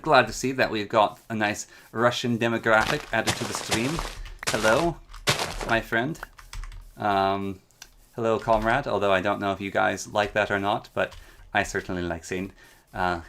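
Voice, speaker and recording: A man's voice: fairly low pitch, a little slow, long pauses, noisy background. A man from the Yukon chatting casually while streaming a game, reading chat aloud and making playful asides. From Yukon, Canada. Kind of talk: casual gameplay commentary.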